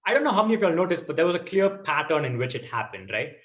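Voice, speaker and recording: A man's voice: a little high, big pitch swings, racing. A man teaching a casual Bible lesson to teens, checking in often with "okay?" and "right?".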